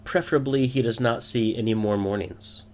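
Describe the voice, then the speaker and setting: A man's voice: mid-range voice, steady tone, normal speed, voice pushed up, lightly acted. A man voicing a pompous, boisterous male thieves' guild boss in a tabletop game, speaking in a formal, grand manner. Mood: grandly menacing.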